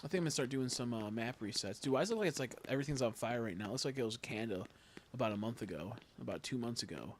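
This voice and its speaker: A man's voice: mid-range voice, animated, rapid-fire, a little hiss or hum. A young man in casual live-stream chat, rambling and swearing as he talks to his viewers.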